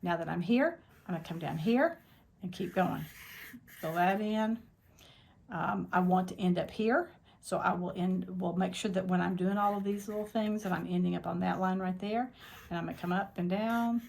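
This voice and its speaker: A woman with a gravelly, fairly low voice walks through a quilting design one step at a time. She talks plainly and practically, thinking aloud as she works. She sounds like she is in her quilting workspace at the machine. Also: moderate pace, darkish tone. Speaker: quilting teacher. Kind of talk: step-by-step tutorial.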